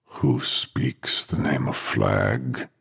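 A man voicing a sinister old male magician, sick with a cold, in a gravelly whispery voice. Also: extremely low pitch, drawn-out words, a bit bright, voice pushed down, heavily acted. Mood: menacing.

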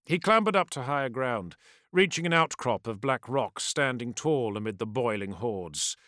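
A man's voice: medium pitch, animated, normal speed, a bit bright, dry recording, studio quality. Dramatic male fantasy audiobook narrator.

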